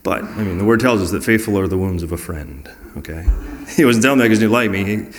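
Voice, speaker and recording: Speaking fairly low and quickly, a man recounts personal stories during a conversational talk. He comes across as earnest and reflective, voicing the quoted dialogue of others as he goes.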